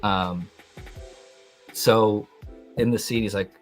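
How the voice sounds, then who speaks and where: A young man hosting a podcast, recapping a TV episode in a rambling, excitable way with lots of fillers. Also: fairly low pitch, slow pace, faint music behind. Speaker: podcast host.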